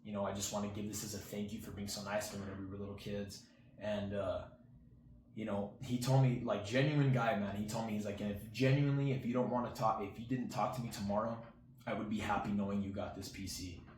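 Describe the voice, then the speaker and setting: Young man, low voice, casual storytelling vlog, rambling with fillers, echoey room, faint hiss. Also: a little mellow. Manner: rambling, full of fillers, quotes friends in a livelier tone. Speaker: channel host. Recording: roomy echo, faint background hiss.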